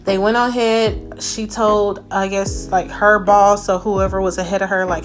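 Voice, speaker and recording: A woman's voice: mid-range voice, flat delivery, moderate pace. A woman vlogger telling a personal story in a candid, emotional way, full of faith and "you know" fillers. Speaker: cleaning vlogger. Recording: background music under the voice. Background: background music.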